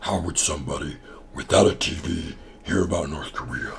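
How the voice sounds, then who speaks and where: A man voicing a laid-back, deadpan man who speaks dryly and matter-of-factly. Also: normal speed. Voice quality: deep, gravelly. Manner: dry, matter-of-fact. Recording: audible background noise.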